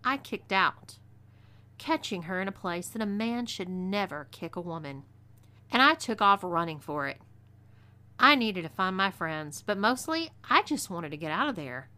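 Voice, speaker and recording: A woman with a natural Texan twang narrates a western story in the first person. Her delivery is expressive and scripted. Her voice is bright and forceful. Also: mid-range voice. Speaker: narrator, audio story reader.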